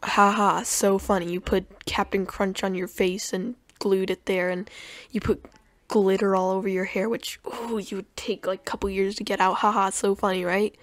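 Sarcastic young woman reacting to clips, mid-pitched, dry close recording. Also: flat delivery, moderate pace, dry recording. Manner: sarcastic, mocking, stumbles over words. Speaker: commentary youtuber.

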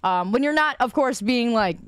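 A woman's voice: on the high side, lively intonation, normal speed, smooth, dry recording. A woman streamer chatting casually with her viewers, teasing and laughing often.

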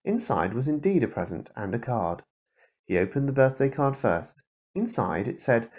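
A man reading a children's picture book aloud to his toddler, slow and emphatic, with a husky voice. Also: medium pitch. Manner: slow, emphatic read-aloud with lively ups and downs. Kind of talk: children's storybook read-aloud.

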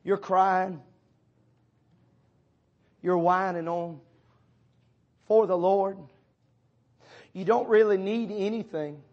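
A pastor preaching a sermon in church, speaking directly to members of his congregation, his delivery swinging from loud urging to hushed tones. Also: sits high, fairly even intonation, slow, long pauses, muffled recording. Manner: addresses listeners by name as brother and sister.

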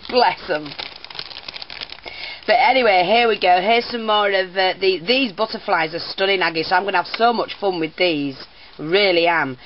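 An older woman talks warmly and chattily in a casual craft vlog. She keeps dissolving into giggles between remarks about her parcel. The sound is dull and lo-fi, like a home video. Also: mid-range voice, slight background noise. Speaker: teacher and crafter.

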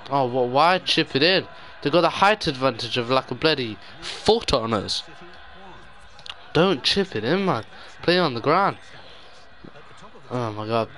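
A man's voice: medium pitch, expressive, a little slow, sharp tone. A young man giving live gameplay commentary, despairing and muttering with sudden outbursts. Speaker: gaming YouTuber.

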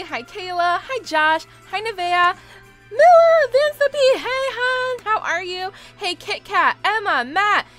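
A young woman live-streaming a game, chatting casually, gushing and greeting her viewers in quick bursts, sometimes squealing with excitement. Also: fairly high pitch. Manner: squeals loudly when excited. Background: faint game music.

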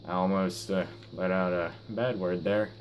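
A man's voice: sits low, steady tone, normal speed, a little hiss or hum. A sixteen-year-old boy giving casual, hesitant gameplay commentary, stumbling over his words with many fillers and restarts while his mouth is sore after having his wisdom teeth out. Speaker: gaming YouTuber. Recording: guitar music playing under the voice. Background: guitar music.

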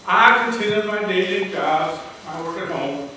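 A man's voice: high voice, animated, moderate pace, pushed and bright, a little hiss or hum. An older man giving a prepared speech at a speech contest, telling a personal story in an earnest, dramatic way, picked up by a distant mic in a large hall. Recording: echoey hall from far off, faint ambience.

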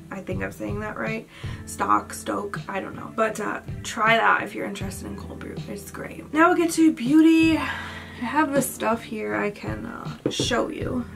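A woman's voice: on the high side, creaky. A young woman vlogger chatting casually at home, rambling and often unsure how to pronounce names. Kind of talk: casual chat. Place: indoors at home at night.

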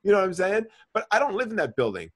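A man hosting a casual podcast, telling a profane, animated story and calling people bro. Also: sits high, very fast. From New York. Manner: animated storytelling, swears a lot, says bro. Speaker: podcast host.

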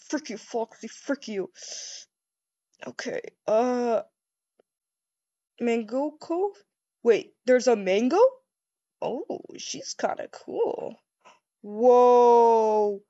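An excitable, easily startled woman rambles through a first-person game role-play, tripping over restarts in a slow, unhurried delivery. Her voice sits fairly high. The sound is dry and dull, like a lo-fi home recording. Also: no echo.

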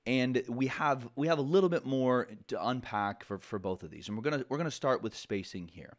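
A man's voice: medium pitch, expressive, brisk. A man teaching a programming lesson in a conversational way, often restarting sentences and adding asides. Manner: conversational, self-correcting, with frequent asides. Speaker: programming instructor. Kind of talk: casual lecture.

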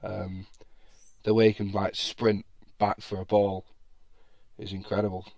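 A man's voice: on the low side, completely flat delivery, a little slow, gravelly, a little mellow, dry recording. A man hosting a casual football podcast, chatty, laughing often and full of fillers. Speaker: podcast host.

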